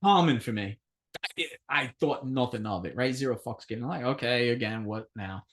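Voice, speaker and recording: A man's voice: medium pitch, normal speed, fairly bright tone. A man co-hosting a podcast, telling a long anecdote in casual chat. He swears a lot, laughs often and acts out the voices of the people in his story. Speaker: podcast co-host.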